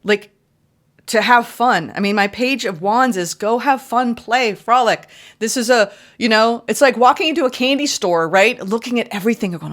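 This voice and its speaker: A woman giving a casual, chatty tarot reading, exclaiming often and acting out little quoted exchanges. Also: fairly quick. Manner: chatty, exclaiming, acts out quotes in high voices. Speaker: tarot reader.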